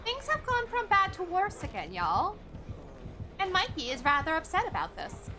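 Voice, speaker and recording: A woman streamer giving excitable, laughing commentary on her gameplay as she talks to the teammates on screen. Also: very high-pitched, moderate pace, slight background noise.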